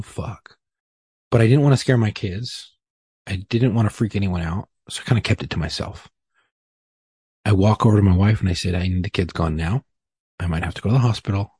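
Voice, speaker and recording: Husky low-voiced man telling a story. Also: a little mellow, no room sound. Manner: profane, rambling, self-deprecating. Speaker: podcast guest. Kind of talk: casual storytelling.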